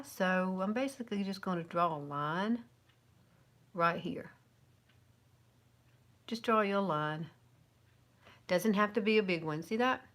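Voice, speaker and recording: A woman's voice: mid-range voice, pushed and bright. Chatty Southern woman over fifty. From American South. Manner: chatty and encouraging, with little laughs. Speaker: makeup vlogger. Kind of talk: casual makeup tutorial, live.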